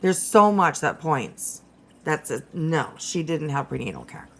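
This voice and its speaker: A woman hosting a livestream, chatting casually with viewers and agreeing warmly with her guest. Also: sits low, big pitch swings, measured pace, low-quality recording. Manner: chatty, agreeable, calls people sweetheart. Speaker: livestream host.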